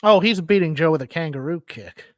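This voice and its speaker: A man co-hosting a podcast, opinionated and quick to cut in with his own take. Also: on the high side, expressive, no echo. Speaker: podcast co-host. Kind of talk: casual wrestling commentary.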